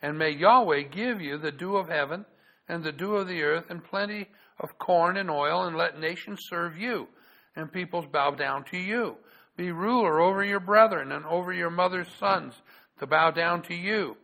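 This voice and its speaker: A man's voice: sits high, normal speed, vocal fry, bright, forceful tone, rough recording. A male pastor giving a sermon, stopping and repeating words as he talks and reading scripture aloud in a raised voice.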